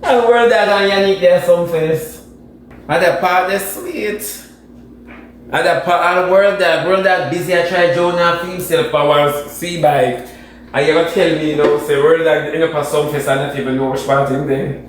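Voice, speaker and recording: A man's voice: on the high side, steady tone, normal speed. A man with a Jamaican accent giving sassy, dramatic gossip commentary in a reaction video. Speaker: social media commentator. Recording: very echoey room with faint noise.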